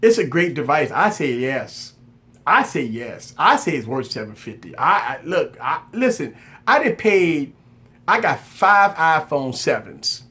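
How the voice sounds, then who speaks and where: A man's voice: a little high, sing-song, a little slow, bright, forceful tone. A man hosting a tech channel, talking straight to his viewers in a casual live chat. He is candid and insistent, repeating himself to stress his point.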